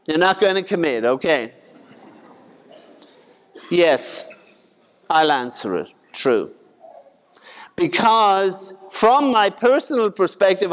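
A man's voice: sits high, smooth, long reverb tail. A man preaching a sermon in a conversational way, acting out the voices of the people in his retelling.

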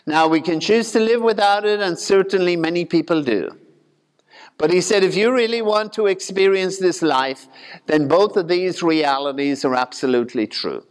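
A man preaching a sermon with a high, smooth, ringing voice. He talks in a casual, folksy way, with asides and humor. A long reverb trails each phrase. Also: normal speed.

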